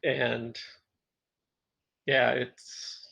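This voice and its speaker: A man co-hosting a podcast, chatting casually about tabletop games and telling lively stories with frequent laughs. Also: mid-range voice, extremely slow, creaky, husky. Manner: animated storytelling, laughs often. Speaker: podcast co-host.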